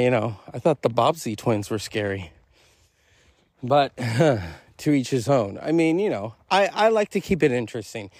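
A man's voice: mid-range voice, a little mellow, no echo, clean studio sound. A man hosting a solo podcast, rambling through a casual monologue with self-amused, profane asides. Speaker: podcast host.

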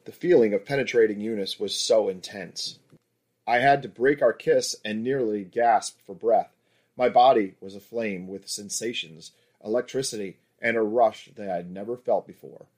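A man narrating an erotic audiobook in the first person, steady and intimate. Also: on the low side, moderate pace.

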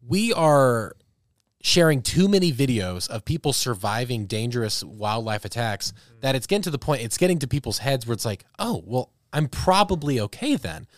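A young man co-hosting a podcast in casual chat, animated and riffing with laughter. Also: medium pitch, normal speed, no room sound, studio quality. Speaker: podcast co-host.

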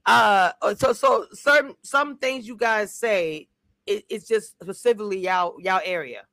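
A woman's voice: mid-range voice, a little slow, no room sound. A woman from Louisiana hosting a casual interview, chatty and teasing. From Louisiana, USA. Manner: chatty, warm-hearted teasing, fillers like look and baby. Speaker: interview host.

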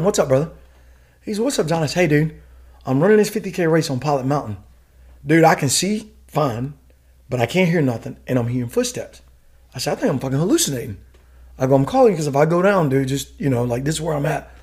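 A middle-aged man from the United States telling a story as a podcast guest, casual and profane, full of animated asides. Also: on the high side, quick pace, slightly rough. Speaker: guest, retired Army warrant officer.

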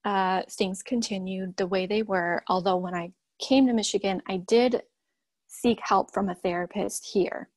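A young woman, a mother, telling her own story in a halting, candid way with many pauses. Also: medium pitch, steady tone, no echo. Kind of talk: personal testimony.

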